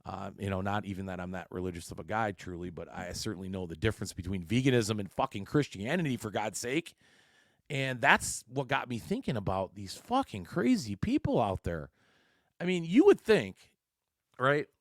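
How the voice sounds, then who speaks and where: A man hosting a casual solo podcast, talking in a somewhat low voice. He is blunt and curses freely, wandering through his thoughts with many restarts. The sound is dry and close, with no room echo. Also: lively intonation, moderate pace. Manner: blunt and heavily profane, rambling with frequent restarts. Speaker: podcast host.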